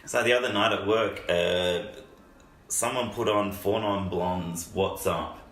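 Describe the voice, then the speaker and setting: A man's voice: sits low, fairly even intonation, a little slow, a bit bright. A young man co-hosting a podcast among friends, rambling through stories with many restarts and fillers. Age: young adult. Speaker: podcast co-host. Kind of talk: casual banter. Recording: echoey room with faint hiss.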